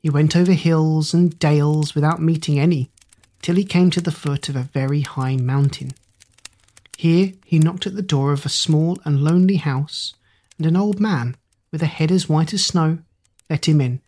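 A breathy, husky-edged voice reads a fairy tale aloud at a steady, measured pace. The pitch sits in a middle range that is neither high nor low. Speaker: narrator. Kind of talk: storybook narration.

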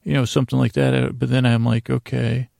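A man with a deeply gravelly, fry-heavy voice rambles through a drowsy, self-deprecating recap in an almost monotone delivery. Recorded close and bone-dry, with no room around him. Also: fast talker, dry recording. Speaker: podcast host. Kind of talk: casual rambling recap for sleep.

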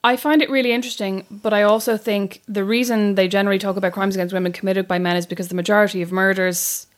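A woman's voice: mid-range voice, steady tone, fast talker. A woman chatting casually as a podcast co-host, blunt and frank, with the odd swear word. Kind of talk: casual chat.

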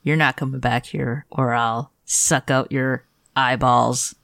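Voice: mid-range voice, fairly even intonation, slow, vocal fry, fairly bright tone, no echo, studio quality. A player voicing a brash adventurer who threatens goblins, in a casual tabletop game. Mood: menacing.

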